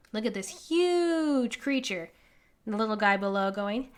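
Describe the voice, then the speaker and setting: A woman reads a children's picture book at an unhurried pace, her high voice leaping up and down through each line. She points out the pictures as she goes, with a few small laughs, in a warm storytime manner. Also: lively intonation, clean tone. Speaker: conservation group organizer reading to children.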